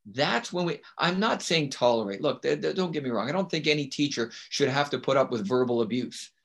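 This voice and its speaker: A man appears as a guest on a podcast about teaching, speaking emphatically in casual interview talk and repeatedly asking a rhetorical "right?" to check in. His mid-range voice is animated, a little fast and fairly bright, with vocal fry.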